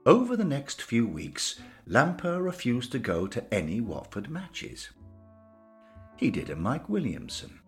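A man narrating a children's-style story in a lively, sing-song storytelling manner. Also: medium pitch, unhurried, faint music behind.

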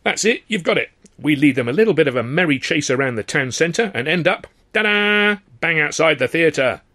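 A man's voice: fairly high pitch, expressive, moderate pace, bright, forceful tone, voice pushed up. A man voicing a brash, scheming music-hall lead comic with a boisterous, wheedling showman's manner. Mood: scheming, jovial.

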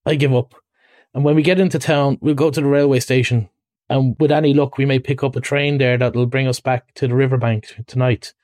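A man doing a firm, sharp-tongued water rat. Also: mid-range voice, fairly even intonation, a little fast, dry recording, studio quality, lightly acted. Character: stern practical male water rat.

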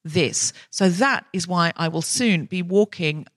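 Woman podcast host, chatty comic storyteller, mid pitch, dry close sound. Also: a little slow, dry recording. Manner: chatty, self-mocking, storytelling. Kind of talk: casual comic chat. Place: live show on stage.

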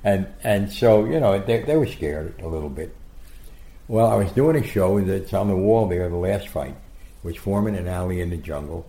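Gravelly man telling rambling anecdotes. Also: low-pitched, moderate pace. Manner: rambling, animated anecdotes with acted-out quotes. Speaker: guest storyteller. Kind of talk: anecdotal storytelling in an interview. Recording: roomy echo.

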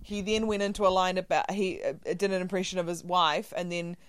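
A woman's voice: lowish voice, fairly even intonation, brisk, clear, resonant tone. A woman with a New Zealand accent, a guest on a comedy podcast, rambling and laughing as she talks. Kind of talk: casual comedy podcast chat.

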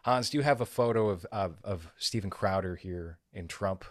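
Male podcast host, very low voice, wry and measured, dry close mic. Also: no room sound. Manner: wry, measured, swears casually. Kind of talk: casual podcast chat.

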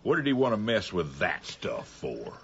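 An actor playing a gloomy, guilt-ridden older farm uncle in a radio drama, with a husky, slow, mournful drawl. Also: male voice, deep voice, very animated, lo-fi sound, slight background noise.

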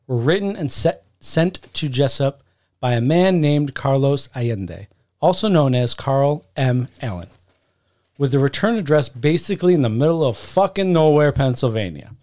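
A man's voice: mid-range voice, animated, moderate pace, darkish tone. A man co-hosting a podcast, telling a story in a joking, profane, rambling way. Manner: profane, joking, talks to himself. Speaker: podcast co-host. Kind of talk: casual podcast chat.

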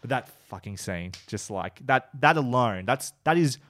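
A man co-hosting a casual podcast, retelling favourite scenes with enthusiasm and getting emotional. He swears casually and talks in a relaxed, rambling way. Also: medium pitch, moderate pace, dry recording, clean studio sound. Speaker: podcast co-host. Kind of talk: casual chat.

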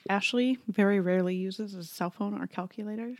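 A woman's voice: medium pitch, brisk, a little mellow. A woman with a Midwestern American accent and a mid-range voice co-hosts a podcast. She talks casually with a wry edge and laughs easily. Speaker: podcast co-host. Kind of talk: casual chat.

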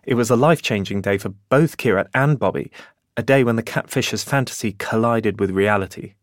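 A man with a fairly low voice tells a true story in scripted documentary narration. He takes his time and lays out events with measured, deliberate care. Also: no room sound, clean studio sound. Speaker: podcast host and journalist.

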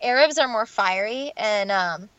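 A woman in her twenties from the United States, chatting casually as a guest. She talks fast and full of "like", and laughs a lot. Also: medium pitch, expressive, a bit bright, smooth, no echo, highs cut off. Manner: chatty, lots of "like", laughs often. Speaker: guest, singer. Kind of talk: casual podcast chat.

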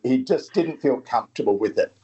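A middle-aged man, a guest author talking in a halting way and often repeating his words. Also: medium pitch, lively intonation, dark tone, slightly rough, lo-fi sound. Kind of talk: casual interview talk.

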